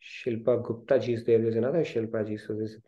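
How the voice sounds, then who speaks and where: A man with an Indian English accent hosting an online spiritual study session on a video call, telling a story lively and acting out the quoted speech. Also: on the low side, fast talker, highs cut off.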